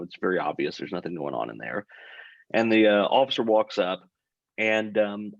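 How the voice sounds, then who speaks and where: Husky low-voiced man telling a story. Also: no echo, lo-fi sound. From Texas. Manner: deadpan comic storytelling, acts out his own quotes. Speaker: podcast guest. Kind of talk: casual storytelling.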